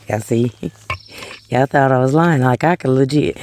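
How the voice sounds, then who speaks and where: A man vlogs casually as he thru-hikes a forest trail outdoors, exclaiming and chatting while addressing viewers as honey and y'all. He speaks at a moderate pace in a mid-range, slightly mellow voice, with a little background noise.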